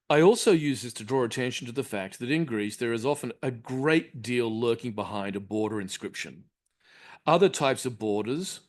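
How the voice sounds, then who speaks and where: A man giving an academic lecture in a measured, articulate, explanatory way, in a lecture room. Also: medium pitch. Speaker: university lecturer.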